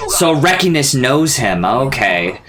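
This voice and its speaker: A man's voice: mid-range voice, very animated, takes it slowly, a crowd in the background. A man hosting a casual reaction video, chatty, laughing often and blurting out his reactions. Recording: show audio playing loudly beneath.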